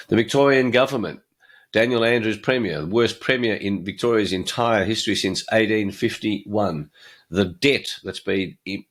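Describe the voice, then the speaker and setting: An older man hosting his own podcast, telling jokes and giving blunt opinions with a chuckle. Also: on the low side. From Australia. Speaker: podcast host.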